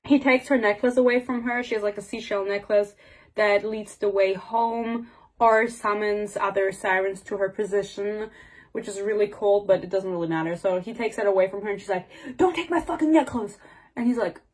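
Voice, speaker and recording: A woman giving a casual, sarcastic book review rant, swearing freely and acting out the characters' lines in quick bits. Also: medium pitch, steady tone.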